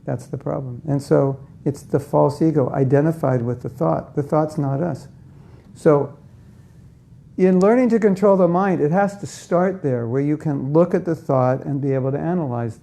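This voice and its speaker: A man's voice: a little high, normal speed, creaky, dark tone. A man giving a conversational spiritual talk to a live audience, often asking them questions and acting out inner voices. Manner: acts out inner voices in quotes. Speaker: spiritual teacher.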